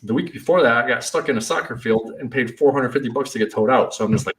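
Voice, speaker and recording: A man who runs a party rental business, telling stories in a casual, animated way and acting out the shouting in them. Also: medium pitch, fairly quick, recorded from a distance. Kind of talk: casual storytelling.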